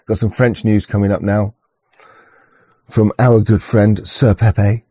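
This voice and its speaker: A man's voice: on the low side, flat delivery, slow pace, mellow, husky, no echo. A man hosting an online show, talking in a crude, rambling way, swearing often and stumbling over restarts. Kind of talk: rambling casual monologue. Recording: dull lo-fi recording.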